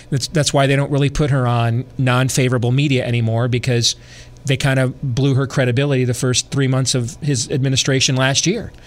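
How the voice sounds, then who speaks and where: A man's voice: medium pitch, fairly bright tone. Rambling middle-aged male talk host. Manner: rambling, conversational, many fillers and restarts. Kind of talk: casual political talk radio.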